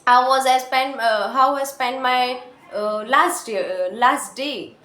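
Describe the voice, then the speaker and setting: A woman with an Indian accent talking earnestly to her camera, encouraging learners and pausing often on "uh" fillers. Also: high-pitched, fairly bright tone. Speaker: English-learning vlogger. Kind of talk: casual talk to camera. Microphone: phone or camera mic. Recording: echoey room.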